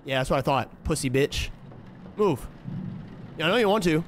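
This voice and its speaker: Young man, streamer, profane running commentary, fairly high voice, faint background hum. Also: animated, normal speed. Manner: profane, trash-talking, jumps to frantic yelling when scared. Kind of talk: horror game let's-play commentary.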